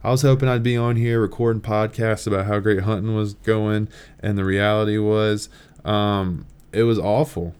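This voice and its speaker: A young man hosting a podcast and telling a story in a casual, animated way, swearing and laughing as he talks. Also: on the low side, normal speed, clean tone. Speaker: podcast host.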